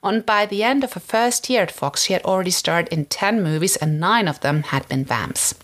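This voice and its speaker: A woman's voice: on the low side, normal speed. Chatty woman telling film history. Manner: chatty, frequent "like" fillers, animated emphasis. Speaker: podcast host. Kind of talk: casual history storytelling.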